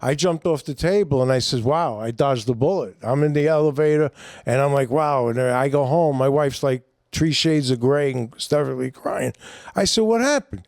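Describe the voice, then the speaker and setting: A middle-aged man with a New York accent, a comedian guest telling a long story in a rambling, animated way with lots of fillers. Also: medium pitch, normal speed, no room sound, clean studio sound. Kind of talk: casual storytelling.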